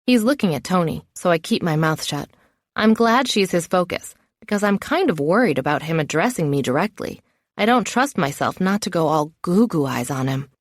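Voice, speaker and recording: A woman's voice: fairly low pitch, lively intonation, brisk, dry recording, clean studio sound. A woman narrating a first-person novel in a wry, self-mocking inner voice. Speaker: audiobook narrator.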